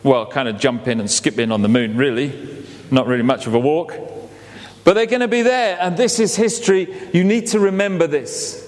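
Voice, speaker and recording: A man preaching a sermon, telling it as an animated story and acting out the quotes. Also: on the high side, normal speed. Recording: long hall reverb.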